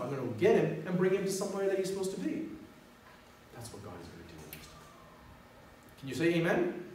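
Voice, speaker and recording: A man preaching a sermon as pastor, swinging between loud exhortation and quiet, prayerful lines. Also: medium pitch, slight background noise. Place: church sanctuary. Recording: echoey hall, mic from far off.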